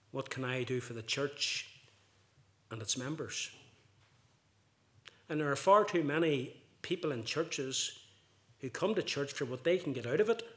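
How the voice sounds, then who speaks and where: A man preaching a sermon, impassioned, building louder and higher on key points and acting out quoted speech. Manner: acts out quoted speech vividly.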